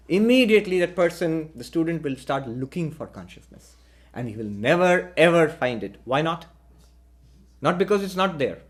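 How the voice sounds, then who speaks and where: A man, a spiritual teacher, giving a deliberate philosophical lecture and posing rhetorical questions. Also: a little high, big pitch swings.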